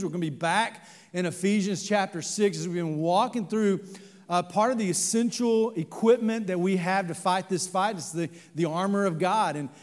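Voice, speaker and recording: A man preaching a sermon as pastor, earnest, with frequent fillers and restarts. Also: high voice. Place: church sanctuary. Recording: long church reverb.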